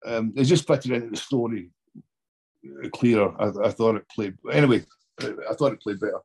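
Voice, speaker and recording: A man's voice: fairly low pitch, normal speed, darkish tone, husky. A Scottish man chatting as an actor guest in an interview, rambling and often restarting his sentences. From Scotland. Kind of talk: casual interview chat.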